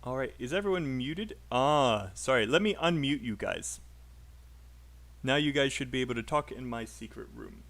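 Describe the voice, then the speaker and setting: A man's voice: mid-range voice, animated, moderate pace, fairly bright tone. A British man teaching an online English speaking class, coaching students with encouraging feedback. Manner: encouraging, coaching, filler-heavy.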